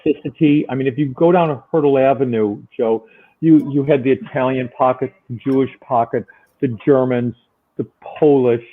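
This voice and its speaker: A man from Buffalo, New York, a guest telling animated stories in a casual chat over a remote call. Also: mid-range voice, normal speed. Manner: animated, chatty storyteller. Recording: tinny phone-like line.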